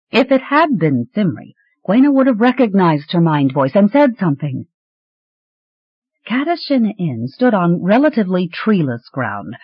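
An audiobook narrator reading a fantasy novel with an expressive, shifting delivery. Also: slightly rough, no echo. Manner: expressive, shifting pitch through the story. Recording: dry, slightly dull recording.

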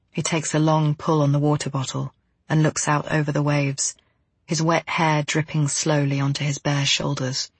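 A woman reading a first-person novel aloud as an audiobook narrator, in a steady, measured way. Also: deep voice, breathy edge, no echo.

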